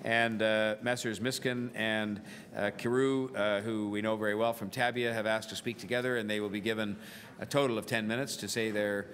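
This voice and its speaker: Man, meeting chair, lowish voice, halting, procedural, long chamber reverb. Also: level tone, fairly bright tone. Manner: halting, procedural, frequent fillers. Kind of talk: chairing a council committee meeting. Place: large council chamber. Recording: long-reverb council chamber with faint noise.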